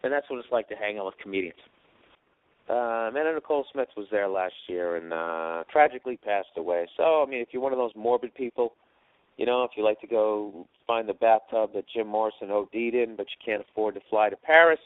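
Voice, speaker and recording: A man's voice: fairly low pitch, brisk, dry recording. A man hosting a podcast, telling profane stories in a casual, rambling monologue and acting out the voices of other people. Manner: profane storytelling, acts out quotes. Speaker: podcast host. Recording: dry tinny phone-like sound.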